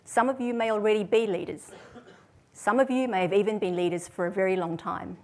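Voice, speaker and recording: Woman giving a measured storytelling talk. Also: mid-range voice, fairly even intonation. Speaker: speaker. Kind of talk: prepared talk to an audience.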